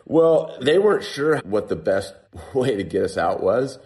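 A man's voice: medium pitch, a little slow. A man telling a personal story casually to an interviewer, often saying "like". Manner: animated, heavy use of "like". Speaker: guest telling a survival story.

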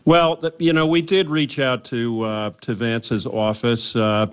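A man's voice: medium pitch, fairly even intonation, a little slow, clean tone. A male journalist talking as a guest on a radio news interview, conversational, with frequent restarts.

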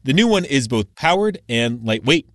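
A man's voice: medium pitch, sing-song, a bit bright, no echo. Male radio reporter, dry studio sound. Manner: measured, explanatory delivery. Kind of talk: scripted news report.

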